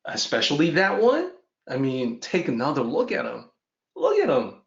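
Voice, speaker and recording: A man voicing a calm, unperturbed father lion who patiently reasons with his son in a teaching story. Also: on the high side, moderate pace, vocal fry, heavily acted. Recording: roomy, dull lo-fi audio.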